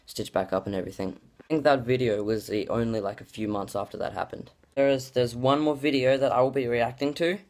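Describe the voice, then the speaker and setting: A man's voice: medium pitch, fairly even intonation, fairly quick, hardly any pauses, darkish tone. A man, talking casually in a vlog, rambling with lots of filler words and restarts and gushing exclamations. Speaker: YouTuber reacting to his childhood videos.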